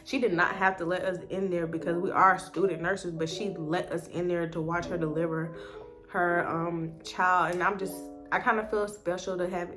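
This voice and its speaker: A woman's voice: lowish voice, flat delivery, moderate pace, music in the background. A woman chatting casually as a nursing student vlogger, full of "like" and "um". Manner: chatty, leans heavily on "like" and "um". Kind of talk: casual chat.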